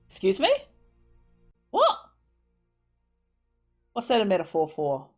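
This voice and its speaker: A woman's voice: medium pitch, huge pitch swings, slow, breathy edge, faint music behind. A woman hosting a reaction video, blurting emotional, blunt comments with plenty of swearing. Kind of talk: casual TV show reaction.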